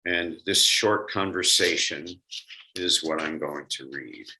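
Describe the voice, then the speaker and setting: A man gives a reflective holiday sermon through a computer mic on a video call. His voice is very deep yet strikingly bright, and he talks slowly and conversationally, pausing to think. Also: rough recording. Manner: thoughtful, conversational, with pauses and fillers. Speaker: lay speaker giving a d'var Torah. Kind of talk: Yom Kippur sermon over a video call.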